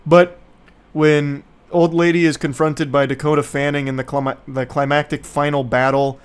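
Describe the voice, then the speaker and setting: A man's voice: on the high side, little pitch movement, normal speed, clean tone. A man giving casual, rambling movie commentary, sarcastic, profane and mocking.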